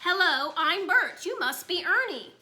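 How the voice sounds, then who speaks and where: A woman reading aloud puts on a small, bratty, show-off boy whose high, bright voice chirps and sing-songs through his lines. He is a cheeky storybook toddler. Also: lively intonation, a little slow, exaggerated voice. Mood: playful, silly. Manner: sing-song, childish chirping.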